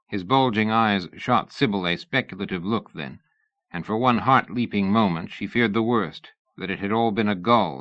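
A man narrates a novel in a measured, storytelling manner. His voice sits on the low side, and the recording is very dry with a dull, muffled sound. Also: fairly bright tone, no room sound. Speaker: audiobook narrator. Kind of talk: scripted narration.

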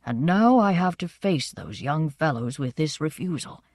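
Woman putting on a tired old king, slow and heavy, kinda gruff. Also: sits low, expressive, darkish tone, no room sound, studio quality. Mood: weary. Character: aging weary king, stiff, gruff father. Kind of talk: audiobook character voice.

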